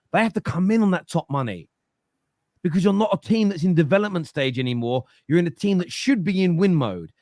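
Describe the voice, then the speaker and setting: A man's voice: fairly high pitch, no echo, clean studio sound. A man giving football opinions on a fan show, emphatic and lecturing, often repeating himself. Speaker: football pundit. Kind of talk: animated football opinion talk.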